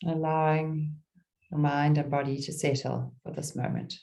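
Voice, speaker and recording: A middle-aged woman guides a meditation in a soft, unhurried voice, leaving gentle pauses between phrases. Her tone is low and warm. She reads a poem with the same calm, soothing care. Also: vocal fry. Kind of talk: guided meditation with a poetry reading.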